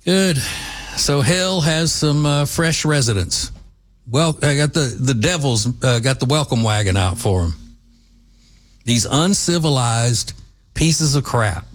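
An American political commentary host delivers an opinionated monologue, emphatic and combative, driving his points home through repetition. He speaks slowly, at medium pitch, with an animated delivery.

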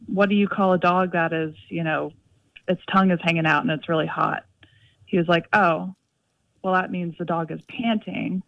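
A woman's voice: lowish voice, no room sound. Chatty young woman caller on a dull line. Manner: chatty, many fillers like "like". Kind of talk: casual phone-in chat.

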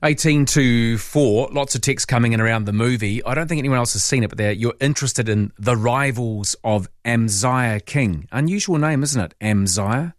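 A man's voice: medium pitch, moderate pace, few pauses, no echo, studio quality. A man with a New Zealand accent hosting late-night talk radio, chatting in a rambling way with asides to listeners. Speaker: overnight talk radio host. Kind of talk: casual call-in radio chat. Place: radio studio. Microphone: studio microphone.

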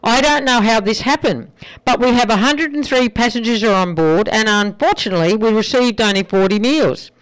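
A radio host voicing a nervous, apologetic Irish flight attendant making cabin announcements, in an Irish accent. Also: female voice, fairly high pitch, moderate pace, voice pushed up, natural voice, rough recording.

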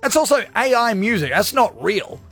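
A man's voice: sits high, sing-song, normal speed, a bit bright, soft background music. A young man hosting a radio show, chatting casually, joking and swearing freely. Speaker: radio host.

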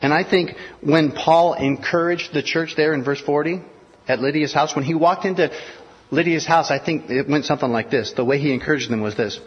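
A man's voice: fairly high pitch, brisk, breathy edge. Man preaching in an echoing hall. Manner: expository preaching, acting out biblical dialogue. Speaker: pastor. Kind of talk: sermon. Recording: dull recording in a reverberant hall.

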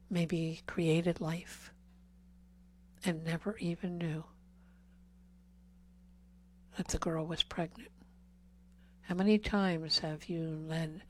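Woman, earnest lay preacher, slow measured delivery, low flat voice, whispered emphasis. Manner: slow and earnest, drops to whispers on key words; pleading repeated questions. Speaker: speaker at a healing service. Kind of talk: Catholic talk to a congregation.

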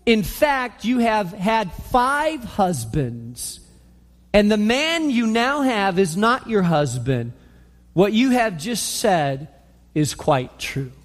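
Calm, measured Jesus, read by a preacher. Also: male voice, sits high, exaggerated voice. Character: calm patient Jesus, speaking scripture. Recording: long reverb.

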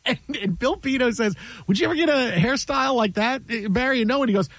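Sports radio host, male, high voice, dry close studio sound, animated storyteller who acts out quotes. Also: fast talker, no echo. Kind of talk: casual sports radio chat. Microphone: studio mic.

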